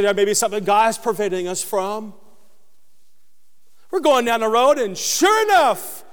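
A man preaching a sermon as pastor, dropping low and quiet, then rising into loud, high peaks. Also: big-room sound.

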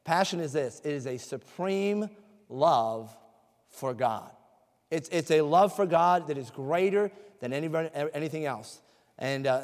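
A man preaching a sermon, reading scripture slowly and with emphasis, then explaining it in a conversational way. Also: fairly high pitch. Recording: reverberant hall.

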